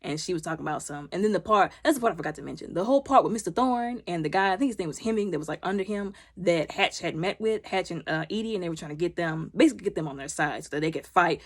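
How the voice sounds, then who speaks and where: A woman's voice: on the low side, expressive, fast talker, hardly any pauses. A woman chatting casually as she recaps a TV episode, acting out the characters' lines as she retells the scenes. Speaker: TV show reviewer.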